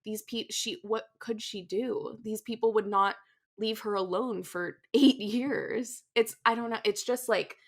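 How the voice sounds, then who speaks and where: A young woman co-hosting a casual podcast chat, adding reflective comments and quick agreement. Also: mid-range voice, fairly even intonation. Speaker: podcast co-host.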